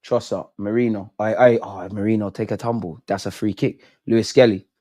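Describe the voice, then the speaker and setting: A man's voice: on the low side, steady tone, fairly quick, warm tone. A young man doing a live football watch-along, swearing, pleading with the players and throwing in lots of slang. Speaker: football fan streamer.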